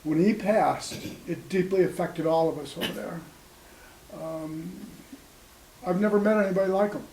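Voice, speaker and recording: Speaking to a small crowd in a cafe's gathering room, a sixty-something man recounts personal stories at an open mic, pausing, restarting and filling gaps with ums. The voice sits high and sounds mellow; there's slight background noise, echo and faint ambience.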